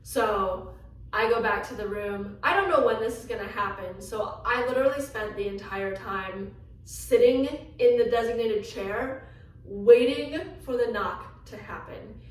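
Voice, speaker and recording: A woman vlogger telling a personal story in an animated way, acting out the lines she quotes. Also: a little high, measured pace. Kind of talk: storytelling vlog. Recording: echoey room from a distance, faint ambience.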